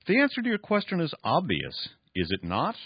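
A man voicing a frail, proud old male scientist who rasps and wheezes as he lectures. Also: on the high side, huge pitch swings, fairly quick, dry recording, highs cut off, voice pushed up, exaggerated voice. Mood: lecturing. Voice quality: raspy, short of breath.

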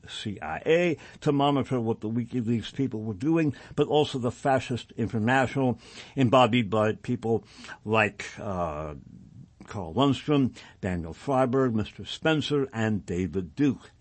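A man's voice: medium pitch, expressive, unhurried, dry recording. A male radio host reading passages aloud and adding sardonic asides on air.

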